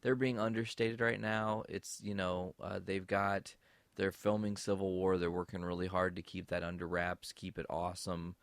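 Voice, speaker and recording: A man's voice: sits low, flat delivery, moderate pace, dry recording. A man co-hosting a podcast in casual chat, blunt and enthusiastic, swearing freely. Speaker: podcast co-host.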